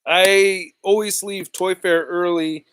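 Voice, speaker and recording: A man's voice: high-pitched, fairly even intonation, slow, a bit bright, clean tone. A man hosting a casual live stream about toy collecting, rambling and joking, often laughing and repeating himself.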